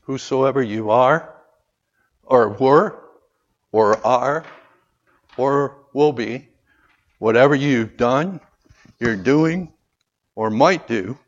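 A man preaching a sermon, calling out for amens and moving between loud, raised lines and quiet, earnest asides. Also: medium pitch, very slow, pauses often. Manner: calls for amens from the congregation. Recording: dull lo-fi sound.

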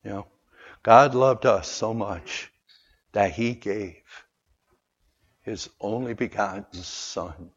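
Husky-voiced preacher swinging loud to soft. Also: male voice, fairly low pitch, takes it slowly, long pauses. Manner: swings from loud calls to quiet, earnest asides; calls for amens from the congregation. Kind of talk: sermon. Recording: dull lo-fi sound.

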